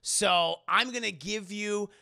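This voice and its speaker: A man's voice: high voice, slow pace, gravelly, crowd noise, heavily acted. A man voicing a laid-back, slangy boyish ruler of the afterlife from a cartoon. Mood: casual. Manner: casual, slangy, hesitant.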